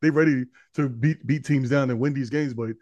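A man co-hosting a casual sports podcast who banters in a rapid, animated way, spinning conspiracy takes on the league. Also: mid-range voice, no room sound, dull audio.

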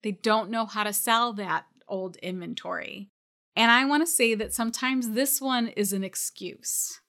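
Woman business coach, bright and forceful tone, direct and encouraging, podcast-style talk. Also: a little high, a little slow. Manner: direct, encouraging, calls listeners out.

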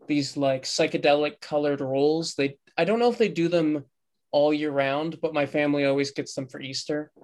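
Man, higher-pitched voice, podcast co-host, relaxed rambling chat, lots of fillers. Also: moderate pace.

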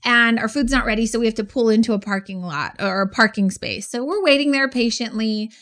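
A woman co-hosting a podcast, telling a story in a lively, casual chat. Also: on the high side, brisk. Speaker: podcast co-host.

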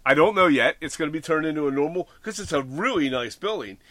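Man, casual rambling chat, bright forceful tone, dry close sound. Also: on the high side, animated, fast talker, no room sound. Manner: rambling, self-deprecating, many fillers. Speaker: model railroad hobbyist podcast host.

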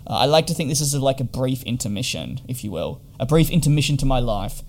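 A man's voice: medium pitch, lively intonation, fast, darkish tone. A man chatting casually in a vlog about hotel quarantine, rambling and wry with lots of fillers. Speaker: vlogger.

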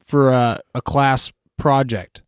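A man's voice: mid-range voice, fairly even intonation, slow, clear, resonant tone, no echo, studio quality. A man in casual podcast chat, teasing his friends in laid-back "dude" slang. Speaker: podcast co-host.

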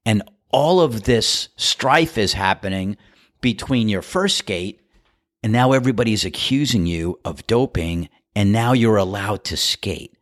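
A middle-aged man with a fairly low voice delivers sports commentary on his podcast. He is opinionated and emphatic, letting his pitch leap on words he wants to stress. The sound is close and dry, with no room around it. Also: lively intonation, a little slow, a bit bright, dry recording. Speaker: podcast host.

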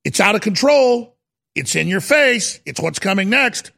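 A man hosting a political talk radio show, ranting in a heated, emphatic, rapid-fire way. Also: sits high, big pitch swings, vocal fry, pushed and bright.

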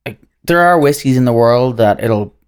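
A man's voice: mid-range voice, animated, normal speed, smooth. An Irish man from Ireland appearing as a guest in a casual conversation, easygoing and full of "um"s and "like"s, correcting himself as he goes. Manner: easygoing, lots of fillers and self-corrections. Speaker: guest, brand representative.

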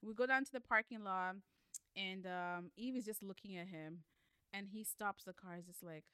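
A bright, crisp-voiced woman chats about a book she's reading, laughing a lot and acting out what the characters say. The sound is dry and close. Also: mid-range voice, fairly quick, no room sound. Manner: chatty, laughs often, quotes characters. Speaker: book club podcast co-host. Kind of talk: casual chat recapping a novel.

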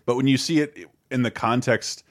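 A man's voice: mid-range voice, steady tone, moderate pace. A man co-hosting a podcast, talking with enthusiasm in casual chat and stammering on restarts. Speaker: podcast co-host.

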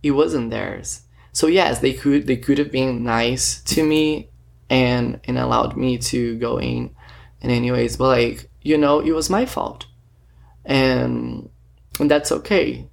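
A man tells a story straight into his own camera, and his voice keeps sinking into a gravelly, creaky fry. He rambles, packs in fillers and acts out snippets of what people said. His pitch sits right in the middle for a man. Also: takes it slowly. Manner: rambling, filler-heavy, retells talks with quoted dialogue. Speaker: vlogger. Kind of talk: casual storytelling monologue. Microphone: self-recorded camera or phone.

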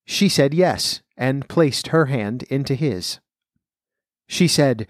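A man's voice: mid-range voice, animated, slow pace, dry recording. Man reading a fairy tale, dry close sound. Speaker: storyteller and folklore commentator.

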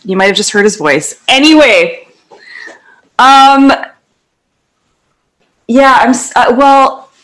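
A woman's voice: high-pitched, animated, slow, pauses often, a bit bright. A woman co-hosting a podcast, chatting casually in a giggly, rambling way. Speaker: podcast co-host. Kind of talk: casual chat. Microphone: podcast studio microphone.

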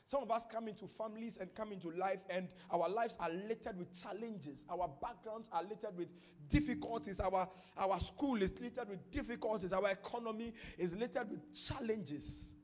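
Speaking at a moderate pace with few pauses, a Ghanaian pastor with a high voice delivers a sermon. It begins as quiet teaching from scripture and climbs into shouted, fervent declarations of prophecy.

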